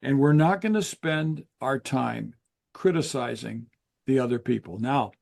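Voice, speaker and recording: An older man, a guest author in an interview, explaining in an earnest, measured way with pauses. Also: mid-range voice, creaky, darkish tone. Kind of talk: interview conversation.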